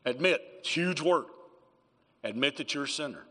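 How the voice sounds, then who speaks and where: A man's voice: on the high side, lively intonation, moderate pace, bright, forceful tone, big-room sound. A man preaching a sermon as pastor in a church, emphatic, calling for amens from the congregation. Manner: emphatic preaching with call-and-response.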